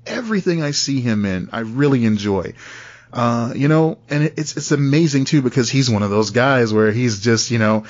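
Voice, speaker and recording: A man co-hosts a podcast in relaxed, rambling conversation, laughing easily between points. His voice sits at an ordinary middle pitch. The recording sounds slightly dull and lo-fi. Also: normal speed. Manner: chatty, laughs often, loose asides. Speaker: podcast co-host. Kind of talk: casual chat.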